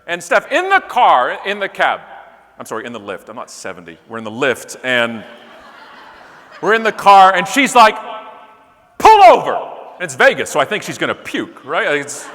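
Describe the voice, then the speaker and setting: Animated man telling a comic keynote story. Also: a little high, normal speed. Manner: animated, joking, talks to the crowd. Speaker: keynote speaker. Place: large conference hall with live audience. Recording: long hall reverb.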